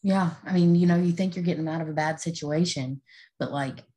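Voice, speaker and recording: Low-voiced woman, laid-back. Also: brisk, dark tone, rough recording. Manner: laid-back, agreeable, easy laughs. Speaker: podcast co-host. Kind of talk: casual chat.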